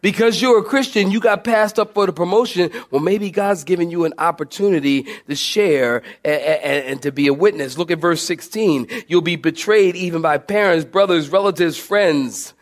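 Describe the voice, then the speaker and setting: Pastor guy preaching, high voice, funny animated storytelling, says y'all a lot. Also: normal speed, few pauses. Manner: southern-style "y'all" to congregation. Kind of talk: sermon.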